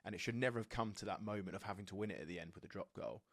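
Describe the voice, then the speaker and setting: A man's voice: on the low side, rapid-fire, dry recording, studio quality. An English man in his thirties hosting a rugby podcast, chatty and matey, calling his guest "mate". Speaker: podcast host, former rugby player. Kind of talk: casual podcast chat.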